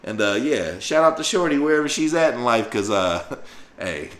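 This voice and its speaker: A man's voice: mid-range voice, moderate pace. A young man telling a profane, slang-filled story in a casual monologue. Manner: slangy, profane, animated retelling. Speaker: storyteller vlogger.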